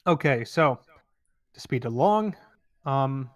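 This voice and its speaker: A man's voice: medium pitch, lively intonation, slow pace, no echo. A young man narrating as game master in a loose, rambling way with many fillers.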